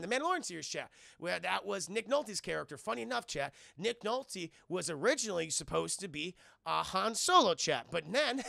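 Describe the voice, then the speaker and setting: High-pitched, gravelly-voiced excitable streamer. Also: male voice, no echo, studio quality. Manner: excitable, swears a lot, keeps addressing the chat. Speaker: streamer reviewing a film with his chat. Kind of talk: animated live-stream recap, loosely acting out scenes.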